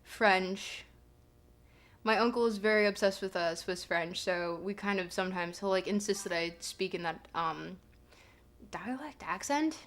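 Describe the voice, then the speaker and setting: In a casual livestream chat, a woman streamer talks to her viewers in a mid-range, fairly bright voice at a measured pace. She rambles and giggles, with many fillers.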